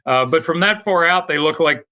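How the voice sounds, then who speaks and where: Older male guest, bright, fairly high voice, earnest and halting with fillers. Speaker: interview guest, author. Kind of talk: conversational interview.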